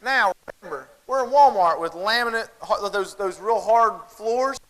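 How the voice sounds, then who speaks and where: A Southern American man with a high-pitched voice talks at normal speed through a humorous keynote before a large conference audience. Folksy and animated, he addresses the listeners directly, and the recording is rough.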